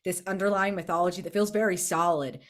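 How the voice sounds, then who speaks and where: A woman gushing in casual chat after a tabletop game session, excitable and swearing freely. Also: lowish voice, quick pace.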